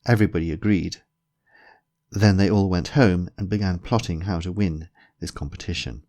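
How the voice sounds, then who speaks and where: Low-voiced man narrating a story. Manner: measured, even storytelling delivery. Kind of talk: scripted narration.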